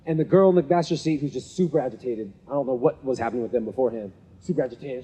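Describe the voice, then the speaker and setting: Husky man telling stories in a hall. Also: medium pitch, racing, few pauses, mellow. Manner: conversational, checks in with 'right?' often; acts out the people in his stories. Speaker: speaker at a men's gathering. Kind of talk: storytelling motivational talk. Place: event venue with a live audience. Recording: long reverb of a hall.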